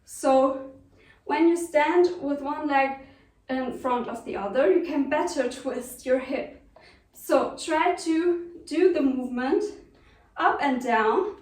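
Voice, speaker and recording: A woman's voice: high-pitched, takes it slowly, darkish tone. A young woman with a German accent teaching belly dance, patiently counting and calling out the steps as she dances. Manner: patient, counts steps aloud while dancing. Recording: echoey room from far off.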